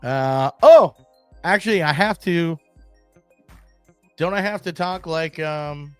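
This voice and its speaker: A man hosting a casual solo podcast, rambling and excitable, with crude military-maintainer humor. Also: fairly high pitch, slow pace, clean tone, no echo, soft background music. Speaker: podcast host.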